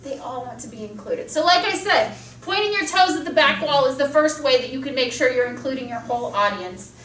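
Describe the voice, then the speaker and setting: A woman speech teacher lecturing a class, enthusiastic and quick with examples, speaking through a mask. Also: high voice, expressive, a bit bright, a little hiss or hum. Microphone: masked, recorded from across a classroom. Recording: echoey classroom from far off.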